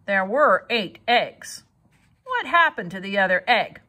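A woman voicing a sly, mistrusted barn rat with a sharp voice. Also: medium pitch, very animated, a little slow, full character voice. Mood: prying.

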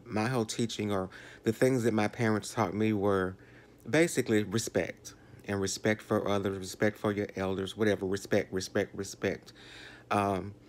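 A man in his sixties with a Southern US accent, talking slowly and reflectively to his channel viewers with many fillers and restarts. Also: on the low side, fairly even intonation. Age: 60s. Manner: slow, rambling, with fillers and restarts. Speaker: vlogger. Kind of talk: reflective talk to camera.

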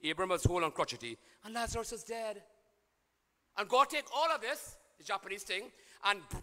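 Man, priest, sermon, bright ringing voice, call-and-response, long church reverb. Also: on the high side. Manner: call-and-response preaching, swings from quiet to shouting.

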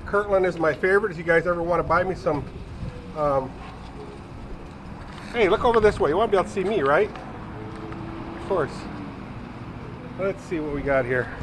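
A retired man in his sixties rambles to viewers in a relaxed, chatty way, with lots of asides. His voice sits a little high for a man. He is recorded on a nearby camera in a home kitchen, with faint noise behind him. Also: brisk, long pauses. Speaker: vlogger. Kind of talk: casual home cooking vlog.

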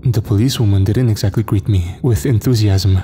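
A man narrating a scripted horror story in a steady, measured way. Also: fairly low pitch, slight background noise.

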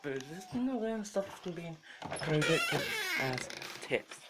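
A young man vlogging casually, swearing freely and laughing often as he gives an excited running commentary outdoors. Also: on the high side, moderate pace, very noisy. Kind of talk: casual profane vlog chatter. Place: outdoors behind a house.

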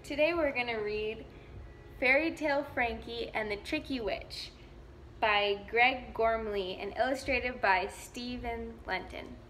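A woman volunteer reading a picture book aloud to young children, slow, gentle and clear. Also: fairly high pitch, a little hiss or hum. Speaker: volunteer story reader. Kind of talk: children's story read-aloud.

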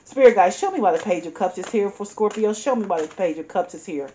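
A woman's voice: medium pitch, lively intonation, fast, dark tone, slight background noise. A woman giving an earnest, encouraging tarot reading, repeating herself and calling the listener honey. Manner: emphatic, repeats herself, says "honey" and "y'all". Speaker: tarot reader.

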